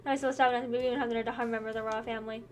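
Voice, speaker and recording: A woman reading aloud and voicing a gruff male soldier villain who talks with menace and scorn. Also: a little high, flat delivery, racing, natural voice. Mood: sneering. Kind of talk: reading game dialogue aloud.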